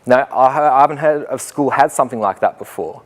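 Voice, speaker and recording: A man's voice: medium pitch, fairly quick. A man speaks at a conference in a mid-range voice. He tells his story with animation, jumping in and out of the voices of the people in it. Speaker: teacher giving a talk.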